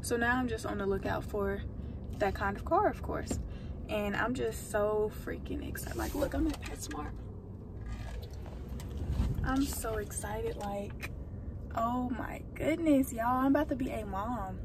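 A young woman chatting excitedly and rambling in a casual vlog, recorded on a phone inside a car. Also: a little high, unhurried, pauses often. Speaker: vlogger. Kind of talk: casual vlog chat to camera. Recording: distant phone audio with loud road noise.

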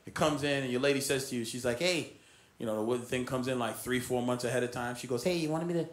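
A man's voice: mid-range voice, steady tone, quick pace. A man performing a stand-up comedy routine, telling a profane story and acting out the voices of the people in it. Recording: live club recording with audience noise. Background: audience laughter.

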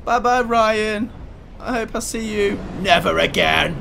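A man commentating on a video game as he plays, reacting with excitable, loud outbursts and swearing. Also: high voice, measured pace, creaky, slight background noise. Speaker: let's play gamer. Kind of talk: live gameplay commentary.

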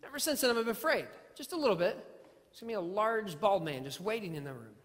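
A man's voice: high-pitched, animated, fast talker, fairly bright tone. Male preacher, earnest storyteller, stumbles and restarts words, big reverberant church. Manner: earnest storytelling with self-deprecating humor; repeats phrases and restarts words. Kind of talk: sermon. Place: church sanctuary. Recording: long hall reverb.

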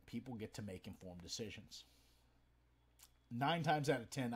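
A man in his forties casually telling comic stories to a stream audience, swearing freely and animated. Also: medium pitch, slightly rough. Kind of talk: casual storytelling.

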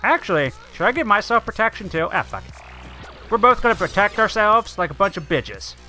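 A man's voice: sits high, sing-song, fairly quick, faint music behind. A man giving silly, giggly let's play commentary over a video game. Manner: giggly, silly and loud, laughing often. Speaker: gameplay commentator.

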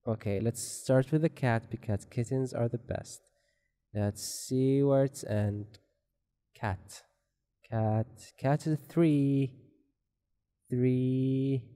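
A man's voice: mid-range voice, very slow, long pauses, dark tone. A man giving rambling, joking commentary while playing a horror game, swearing often. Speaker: gameplay commentator.

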